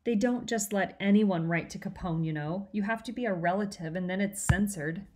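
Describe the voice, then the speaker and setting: A woman's voice: medium pitch, moderate pace, darkish tone, lightly acted. A woman reading aloud, voicing a haughty, dismissive know-it-all girl.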